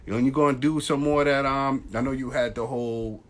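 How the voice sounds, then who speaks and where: A man hosting a casual live stream chat, talking in loose slang and shouting out viewers as they join. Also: mid-range voice, steady tone, a little fast. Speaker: podcast host. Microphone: phone live stream.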